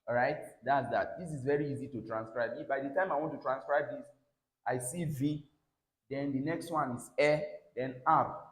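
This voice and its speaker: A man's voice: medium pitch, normal speed. A man teaching a pronunciation lesson, repeating words and checking in with "all right?". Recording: echoey room.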